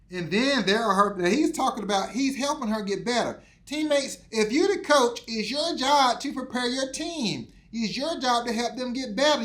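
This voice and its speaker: A man's voice: high voice, a bit bright. A man giving a motivational teaching talk, preachy and emphatic with lots of repetition. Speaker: insurance exam coach.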